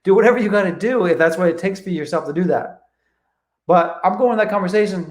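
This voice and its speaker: A man's voice: high-pitched, expressive, a little fast, reverberant. A man coaching a live online training who talks energetically, swears freely and acts out both sides of phone calls. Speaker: real estate coach.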